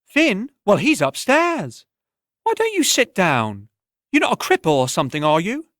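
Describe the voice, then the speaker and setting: A man putting on a brash, clear-voiced tavern woman. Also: sits high, wildly swooping pitch, moderate pace, a bit bright, no echo, studio quality, pitched above the performer's own voice, exaggerated voice. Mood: brusque. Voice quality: clear, ringing voice.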